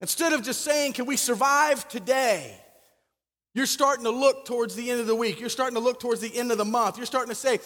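A man preaching a sermon, telling the story in an animated way and building up emphasis. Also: very high voice, brisk. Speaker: pastor. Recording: long reverb of a large hall.

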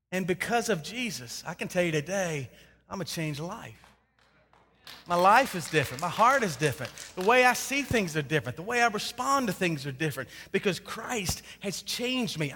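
A man preaching a sermon, telling a personal story in an animated, emphatic way. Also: high-pitched, slightly rough, in a large hall. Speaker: pastor.

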